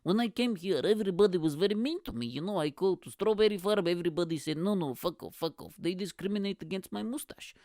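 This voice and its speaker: A man's voice: high voice, animated, fast, hardly any pauses, darkish tone, no room sound, clean studio sound, voice pushed up. A man putting on a whiny immigrant complainer. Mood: complaining. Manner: exaggerated complaining, broken phrasing.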